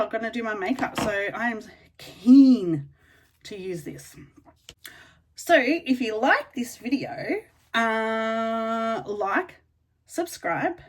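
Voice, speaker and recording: A woman with an Australian accent chatting casually to camera as a beauty vlogger, excitable and full of ums and likes. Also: a little high. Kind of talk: casual unboxing chat to camera.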